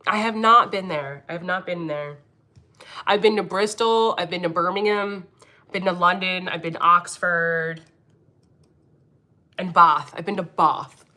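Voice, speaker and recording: On her livestream, a Philadelphia-born angel medium reads comments out loud, laughing often and cursing without hesitation in her hometown accent. She speaks at a moderate pace in a lowish voice that still comes across bright and forceful.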